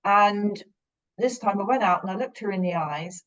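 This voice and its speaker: British woman, earnest, rambling, self-correcting, mid-pitched voice, dull lo-fi sound. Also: normal speed, a crowd in the background. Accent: British English. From Britain. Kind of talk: reflective conversational storytelling.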